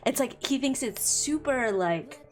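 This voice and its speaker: A woman's voice: high voice, expressive, measured pace. Woman, streamer, casual chat while drawing, giggly, rambling, faint background music. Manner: giggly, rambling plot retelling.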